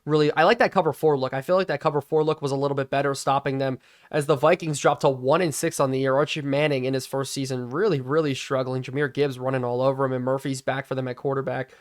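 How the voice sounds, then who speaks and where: A young man hosting a gaming video, giving excitable play-by-play commentary on a football video game he is playing from his home studio, swinging from calm analysis to shouting. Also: mid-range voice, fast. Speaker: gaming channel host.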